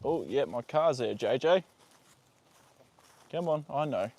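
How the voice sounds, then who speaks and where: A man's voice: medium pitch, expressive, slow pace, darkish tone, slight background noise. Easygoing man rambling on a live stream. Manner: rambling and easygoing, with many fillers. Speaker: livestream host. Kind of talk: casual live-stream chat reading viewer comments. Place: outdoors with a horse. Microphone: phone on a tripod.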